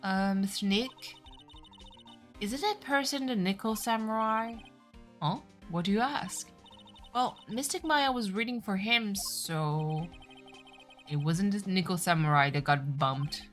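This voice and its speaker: A woman's voice: medium pitch, a little slow, faint music behind, lightly acted. A woman voicing a cheerful, curious young female spirit medium from a courtroom game.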